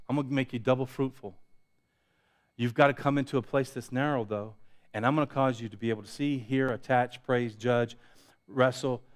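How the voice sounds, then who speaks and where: A pastor preaching a sermon, building intensity through repetition and dropping to quiet asides. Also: male voice, mid-range voice. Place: church sanctuary.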